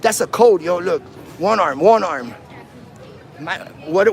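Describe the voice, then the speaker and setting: A man with a fairly high voice livestreams from a handheld phone on a city street. He taunts and provokes in loose slang. The sound has an outdoor, open-air feel. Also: expressive, measured pace, gravelly, some chatter behind. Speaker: first amendment auditor.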